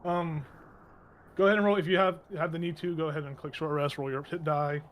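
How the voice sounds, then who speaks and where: A man's voice: on the high side, steady tone, brisk. A man running a tabletop game, narrating loosely with lots of fillers and laughs. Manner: rambling, laughing, many fillers. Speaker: game master.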